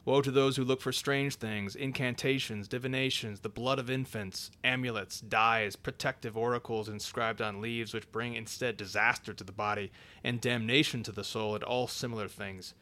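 A man reading an old sermon aloud in a measured, solemn way, dropping his voice for each scripture citation. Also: medium pitch, fairly even intonation, bright, forceful tone. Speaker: reader.

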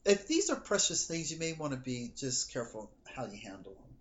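On dull audio, a medium-pitched man talks fairly quickly. He's the psychic reader co-hosting a casual podcast, telling stories with energy and reenacting what people said.

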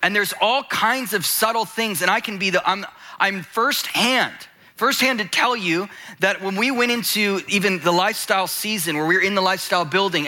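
A male pastor preaching a sermon with passion, dropping to hushed low lines and rising to urgent high ones. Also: moderate pace.

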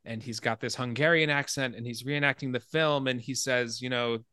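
Animated male podcast host, dry sound. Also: mid-range voice, a little fast, clean tone, dry recording. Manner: animated storyteller, laughs and swears freely. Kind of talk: casual podcast chat.

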